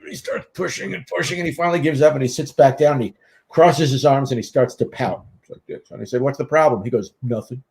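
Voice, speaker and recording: A man's voice: medium pitch, fast talker, gravelly. A middle-aged man speaking as an interview guest, in a mid-range voice. He talks casually and animatedly, building his anecdotes with energy. His style is that of a practiced stage performer chatting on a show. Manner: lively, animated storyteller who acts out quotes. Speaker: interview guest, author and hypnotist.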